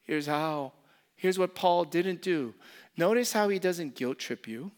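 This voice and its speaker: A male pastor delivers an impassioned sermon in an expressive, fairly high voice, taking his time. He repeats key phrases and swings between loud emphasis and soft, intimate asides.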